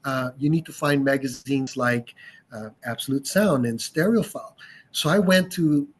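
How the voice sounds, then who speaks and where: A man from Canada, a guest on a podcast, calmly recalling how he first got into audio equipment. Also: medium pitch, moderate pace, slightly rough. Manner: reflective, thoughtful explanations. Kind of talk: casual interview chat.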